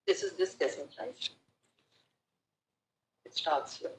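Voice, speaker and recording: A woman advocate with an Indian English accent making a formal, measured argument in court, deferentially addressing the bench. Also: on the low side, huge pitch swings. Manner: measured, deferential, repeatedly saying "my lords". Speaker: advocate arguing a case. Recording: echoey courtroom audio.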